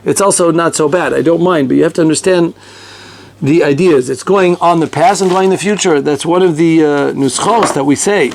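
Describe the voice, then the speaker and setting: A man teaching a conversational halacha lesson, animated and talkative, mixing Hebrew and Yiddish terms into his English. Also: on the high side, fairly quick, creaky, slight background noise. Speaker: Torah teacher.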